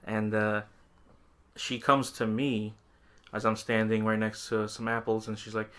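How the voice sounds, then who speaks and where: A man's voice: fairly low pitch, level tone, measured pace, fairly bright tone. A man co-hosting a podcast, telling a story in casual chat, laughing often and acting out quoted lines. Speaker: podcast co-host.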